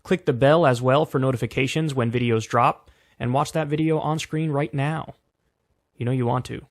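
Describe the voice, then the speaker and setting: A man hosting a political talk show, giving animated, profane commentary and mocking the people he talks about. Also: mid-range voice, moderate pace, no echo, studio quality. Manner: profane, mocking and animated, laughing at his targets.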